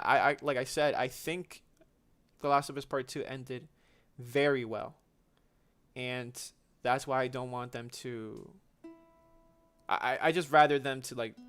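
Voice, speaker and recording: A man's voice: mid-range voice, a bit bright, smooth. A young man hosting a gaming livestream, casually answering viewer questions in a chatty, slangy way with frequent restarts.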